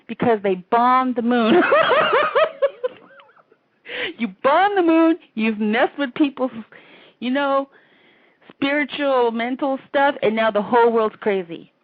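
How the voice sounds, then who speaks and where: A woman's voice: a little high, no echo. A woman hosting an internet call-in radio show, ranting emotionally and rambling, laughing often between thoughts. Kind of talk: casual call-in show rant. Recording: tinny phone-like line.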